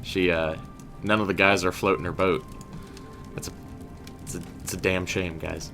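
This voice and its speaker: Deep-voiced chatty game streamer. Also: male voice, fairly even intonation, normal speed, a bit bright, faint music behind. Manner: chatty, addresses chat as guys, slangy. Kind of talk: casual let's-play commentary.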